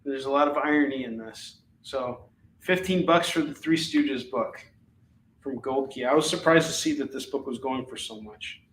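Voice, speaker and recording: A man's voice: mid-range voice, moderate pace, fairly bright tone, echoey room, slight background noise, poor audio. A man hosting a live shopping stream, casually rattling off comic books and their prices, with frequent fillers and restarts. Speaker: live shopping show host. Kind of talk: live comic sales pitch.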